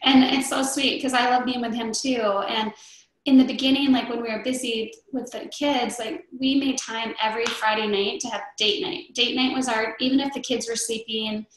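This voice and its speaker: A woman's voice: on the high side, steady tone, moderate pace. Chatty middle-aged woman in an echoey room. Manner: chatty, rambling with many fillers and restarts. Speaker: interview guest. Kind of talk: casual chat.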